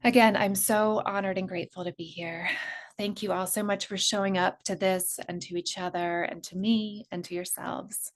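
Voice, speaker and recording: A woman giving a heartfelt, reflective talk at a virtual gathering. She asks earnest, gentle questions one after another. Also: mid-range voice, steady tone, normal speed. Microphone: video call.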